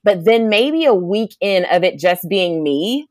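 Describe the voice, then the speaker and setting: A young woman chatting as a guest, telling a lively story and acting out quotes in a high voice. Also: unhurried, dry recording, studio quality. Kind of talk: casual chat.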